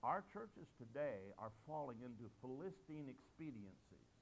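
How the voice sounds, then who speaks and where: A man's voice: mid-range voice, big pitch swings, normal speed, slight background noise. Older male preacher, emphatic sermon. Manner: emphatic, swings between loud and soft.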